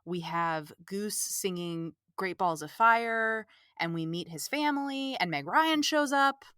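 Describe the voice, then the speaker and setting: Bright, animated woman recapping a movie. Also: mid-range voice, slow pace, smooth, no echo, clean studio sound. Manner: animated, exasperated, fills talk with "like". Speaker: podcast host. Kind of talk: casual movie recap chat.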